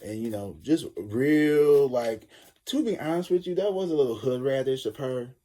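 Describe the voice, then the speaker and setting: In a mid-range, animated voice at normal speed, a man delivers an easygoing tarot reading. His tone is mellow, and he rambles, swears and jokes as he tells a story.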